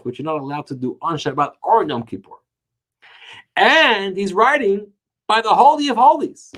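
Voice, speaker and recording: Man, Torah teacher, Talmud class, slightly high voice, very lively intonation, emphatic, drawn-out stressed words. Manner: animated, emphatic, stretches key words slowly.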